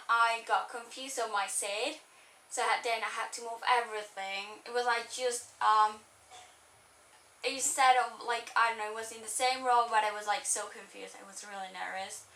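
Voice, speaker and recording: Young woman, high and bright, rambling vlog story, roomy sound set back from the mic. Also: fairly even intonation, moderate pace, distant mic. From Spain. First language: Spanish. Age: young adult. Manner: chatty, rambling, full of "like". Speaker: vlogger. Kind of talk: casual storytelling.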